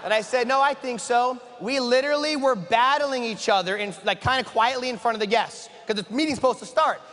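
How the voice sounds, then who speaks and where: A man giving an energetic motivational talk to an audience, asking the room questions and acting out conversations. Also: very high-pitched, brisk. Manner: energetic, asks the room questions, acts out dialogue. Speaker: motivational speaker. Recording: long hall reverb.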